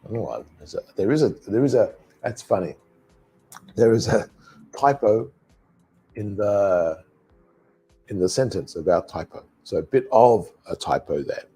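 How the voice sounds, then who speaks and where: A man teaching English alone in a live online lesson, repeating phrases slowly for pronunciation practice. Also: lowish voice, lively intonation, dark tone, slightly rough.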